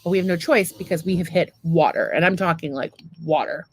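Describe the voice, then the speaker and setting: A woman podcast co-host telling a story in casual chat, animated, laughing often and swearing freely. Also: fairly low pitch, fairly quick, slight background noise.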